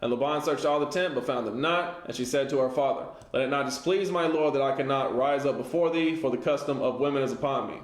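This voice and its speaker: A man's voice: medium pitch, quick pace, hardly any pauses. A man teaching a casual Bible lesson, reading scripture and retelling it in everyday slang. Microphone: livestream setup. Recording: echoey room.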